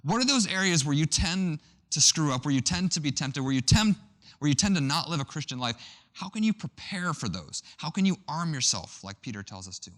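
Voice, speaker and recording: A young male pastor with a bright, forceful tone preaches a sermon. He talks conversationally, drifting into a personal story, often restarting his phrases as he goes. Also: fairly high pitch, big pitch swings, a little fast.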